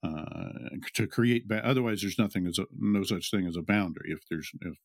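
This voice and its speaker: Deep-voiced man, rambling podcast co-host. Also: fairly quick, creaky, no echo, studio quality. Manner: rambling, restarts and trails off into quiet asides. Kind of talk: casual podcast chat.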